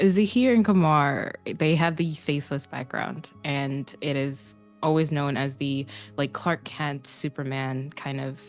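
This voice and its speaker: A woman player giving a hesitant, halting farewell, close to tears, with many pauses and ums. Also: low voice. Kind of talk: emotional outro chat.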